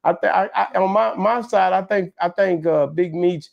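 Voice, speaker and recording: A man with a slightly high voice talks easygoing and unhurried, restarting his sentences as he thinks them through. The audio is a bit dull and lo-fi. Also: gravelly. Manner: relaxed, hesitant with repeated starts. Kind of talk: casual chat.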